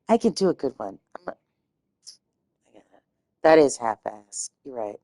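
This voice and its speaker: Low-voiced, rambling woman streamer. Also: big pitch swings, unhurried, long pauses, dark tone, no room sound. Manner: rambling, swears freely. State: slightly hoarse. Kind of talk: casual chat.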